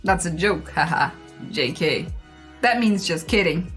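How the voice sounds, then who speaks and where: A woman's voice: fairly low pitch, lively intonation, measured pace, fairly bright tone, soft background music. A woman streamer reading memes aloud and reacting, laughing often and swearing freely.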